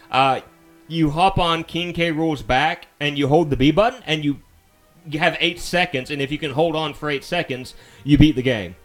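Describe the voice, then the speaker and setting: A man's voice: fairly high pitch, a bit bright. A man from Alabama with a mild Southern US accent, chatting in a rambling, easy-going way while live-streaming a video game. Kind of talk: casual live-stream chat while playing.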